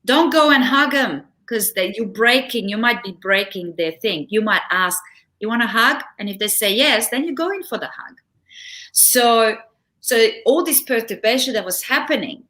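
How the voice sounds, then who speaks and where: A middle-aged relationship coach appears as a guest in a casual interview, sharing personal stories with animated energy. Her fairly high, bright, ringing voice moves at a moderate pace, and she laughs often.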